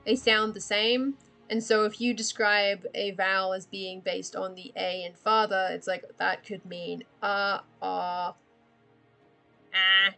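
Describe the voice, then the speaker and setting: A woman's voice: medium pitch, level tone, slow, creaky, pushed and bright, soft background music. A woman hosting a casual live stream while she draws. She rambles from one tangent to the next, swears freely and laughs often.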